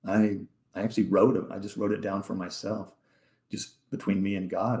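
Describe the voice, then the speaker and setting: A man with a low, gravelly voice recounts a deeply personal story as a podcast guest. He speaks haltingly, doubling back on his words and at times sinking almost to a whisper. The sound is roomy and echoey. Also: little pitch movement, darkish tone. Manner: halting, repeats words, drops to near-whisper. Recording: echoey room.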